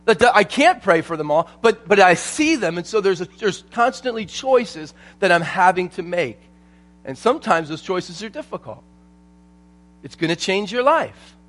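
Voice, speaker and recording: A man preaching a sermon at a conference, telling stories in an animated way and repeating his phrases for emphasis. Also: sits high. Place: church conference hall.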